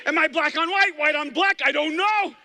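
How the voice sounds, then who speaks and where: Guy doing a freaked-out zebra, high and shouty, bright tone. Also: moderate pace, a little hiss or hum, heavily acted. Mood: bewildered. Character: anxious male zebra questioning its identity. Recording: echoey hall reverb.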